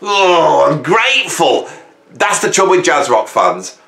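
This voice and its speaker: A middle-aged man hosting a music channel, ranting at his viewers in a theatrical, self-mocking way, swinging from hushed asides to loud bursts. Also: on the high side, sing-song, unhurried, creaky. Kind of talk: casual mock-rant to camera. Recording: echoey room.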